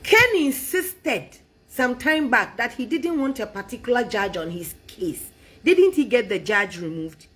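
A woman's voice: fairly high pitch, sing-song, measured pace, fairly bright tone. A woman delivering a taunting political rant, with sing-song mockery and laughter, switching between English and a local language. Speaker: political commentator.

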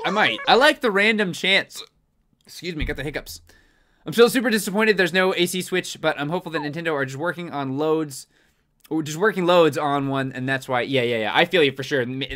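A man's voice: fairly high pitch, pushed and bright. A young man live-streaming a game from home, chatty and goofy as he thanks viewers and reacts to chat. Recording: game music behind the voice.

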